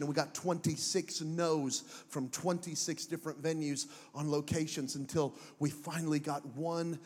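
A man preaches with a fairly high, lively voice, cracking jokes and slipping into put-on voices. The sound rings with long reverb through a big hall. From Mexican heritage. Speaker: pastor. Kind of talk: sermon.

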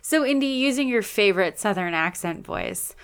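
A woman co-hosting a casual movie review chat with dry, deadpan humor. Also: medium pitch, normal speed, smooth. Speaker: podcast co-host reviewing movies.

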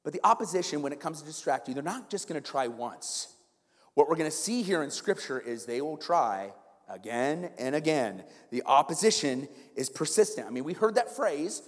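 A man's voice: fairly high pitch, sing-song, normal speed. A man preaching a sermon as pastor, conversational and humorous, often checking in with his listeners. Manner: humorous, conversational, keeps asking "right?". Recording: long reverb in a big hall.

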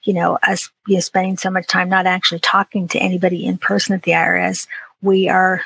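A woman guest on a podcast, chatting casually with a gravelly, breathy edge to her voice. Her pitch stays fairly flat as she rambles through stories with lots of "you know" fillers. The sound is close and dry. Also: fast, no echo, poor audio. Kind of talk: casual conversational chat.

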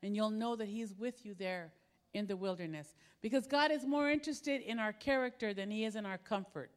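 A woman's voice: mid-range voice, brisk. A middle-aged woman from the Philippines preaching a sermon, telling personal stories and acting out her own panic and impatience.

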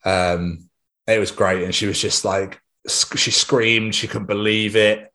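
Young man, low voice, casual excitable podcast chat, swears freely. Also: a little slow. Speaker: podcast co-host.

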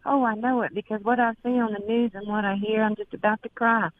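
A woman's voice: medium pitch, steady tone, fast talker, dry recording. A woman with a Mississippi Southern accent calling in to a radio show, earnest and gushing. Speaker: caller. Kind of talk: phone-in chat. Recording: phone line.

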